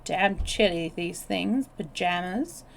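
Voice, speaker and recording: A woman's voice: on the low side, slow pace, creaky. A woman voicing a weary, pompous older English lord who grumbles in a sad voice. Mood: grumbling.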